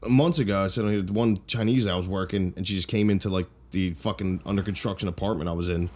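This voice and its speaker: A man's voice: deep voice, fairly even intonation, fast, a little mellow. A man co-hosting a casual podcast, telling rambling crude stories and laughing often. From Philadelphia. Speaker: podcast co-host. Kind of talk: casual chat, storytelling.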